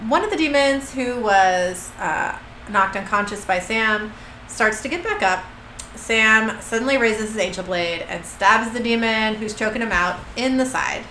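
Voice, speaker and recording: A woman's voice: fairly high pitch, a little slow, bright, forceful tone. A woman co-hosting a podcast who reads out an episode recap in casual chat, with many fillers and asides. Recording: echoey room with faint hiss.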